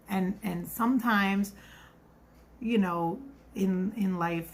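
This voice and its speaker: A woman's voice: on the low side, vocal fry. A middle-aged woman telling a rambling story in a casual confessional vlog. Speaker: vlogger.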